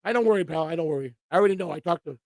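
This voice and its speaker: High, gravelly man ranting on a stream. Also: very fast, darkish tone, dry recording. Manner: profane, repetitive, emotional. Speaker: co-host of a streamed morning show. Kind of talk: heated livestream rant.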